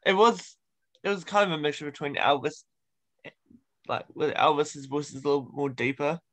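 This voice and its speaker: A man hosting a casual interview, playful and quick to laugh. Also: fairly high pitch, fairly bright tone. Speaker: interview host.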